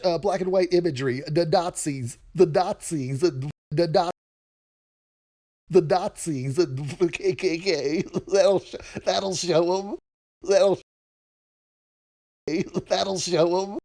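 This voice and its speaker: A man's voice: high-pitched, a little mellow. Sarcastic man doing a reaction rant. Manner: sarcastic, mocking, repeats himself. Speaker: commentator. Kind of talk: reaction commentary.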